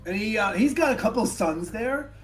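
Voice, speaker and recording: A man's voice: high voice, expressive, moderate pace, soft background music. A man narrating as dungeon master in a tabletop game, in a theatrical storytelling manner with frequent restarts.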